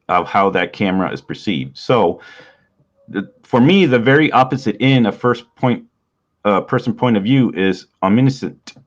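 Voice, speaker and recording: A man hosting a writing podcast, explaining in a relaxed, rambling teaching talk with frequent small laughs and a stuffy nose. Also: lowish voice. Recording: dull lo-fi sound.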